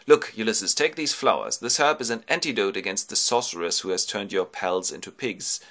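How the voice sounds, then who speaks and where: A man voicing a helpful male messenger god who gives brisk instructions. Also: on the low side, expressive, fairly bright tone.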